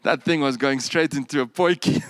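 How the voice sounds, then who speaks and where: A man preaching a sermon, animated, with humorous asides and bursts of emphasis that drop to quiet. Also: on the high side, no echo.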